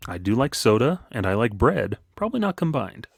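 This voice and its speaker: Lively, joking male podcast host. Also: medium pitch, a little fast, vocal fry, dry recording, clean studio sound. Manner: jokey, laughs often, playful put-on brogue at the start. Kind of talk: casual sports podcast chat.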